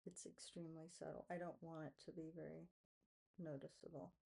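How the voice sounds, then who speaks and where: A woman talking to camera as she paints, musing aloud in a soft, unhurried way. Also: low-pitched, level tone, vocal fry, breathy edge, low-quality recording. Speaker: artist vlogger. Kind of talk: casual art-making vlog, talking to camera.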